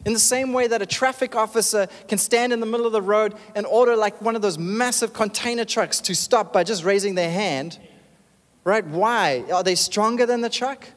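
A man preaches with an animated, emphatic delivery, often calling for amens. His voice sits high for a man. The sound rings with the long reverb of a large hall. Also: moderate pace. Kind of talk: sermon.

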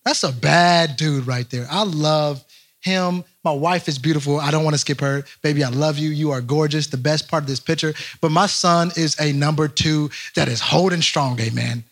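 High-voiced, bright young man storytelling. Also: normal speed. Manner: animated, chatty, joking, addresses the crowd directly. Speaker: youth speaker. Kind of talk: storytelling talk to a young crowd.

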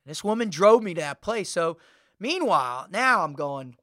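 A man's voice: high-pitched, sing-song, normal speed, a bit bright, no echo, studio quality. A man hosting a podcast, telling a story in an emphatic, fired-up way with repeated phrases. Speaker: podcast host. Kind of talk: storytelling monologue.

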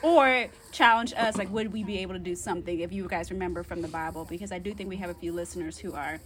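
A woman co-hosting a podcast in casual chat, animated and slangy, laughing often. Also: on the low side, fast talker. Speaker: podcast co-host.

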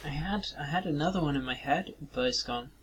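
A man co-hosting a podcast, chatting casually in a quick, mumbled, hesitant way. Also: on the high side, fairly bright tone, slight background noise. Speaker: podcast co-host.

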